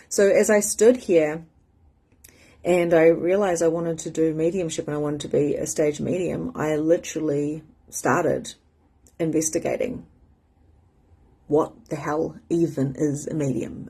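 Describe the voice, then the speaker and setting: A woman in her thirties hosting a casual motivational talk, candid and animated, who sometimes mimics friends in a high squeaky voice. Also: husky. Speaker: host.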